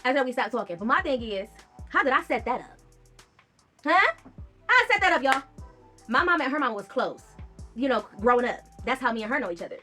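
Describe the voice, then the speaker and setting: A woman with a fairly high voice tells a storytime vlog straight to her viewers. She is blunt and profane, with an animated, indignant edge. Faint music plays behind her. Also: fast talker. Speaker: YouTube vlogger.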